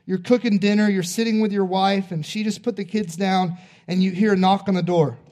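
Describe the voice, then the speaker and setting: A male pastor preaching a sermon, retelling a story in an animated, conversational way. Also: high-pitched, a little fast.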